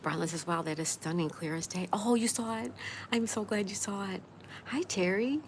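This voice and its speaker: A woman's voice: mid-range voice, normal speed. A woman hosting a casual live stream, reading viewer comments aloud, greeting each person by name and answering with gushing exclamations. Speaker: livestream host. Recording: noisy background ambience.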